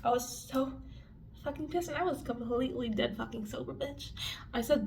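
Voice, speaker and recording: A young woman telling a story in a casual vlog, talking fast and loose with lots of swearing and filler words. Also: high voice, a little mellow, a little hiss or hum. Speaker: vlogger. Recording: dull lo-fi audio with faint music.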